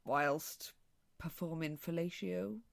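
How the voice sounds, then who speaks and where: A woman's voice: low-pitched, takes it slowly, vocal fry. A Welsh woman co-hosting a podcast, telling stories in a dry, laid-back casual chat. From Wales. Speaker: podcast co-host.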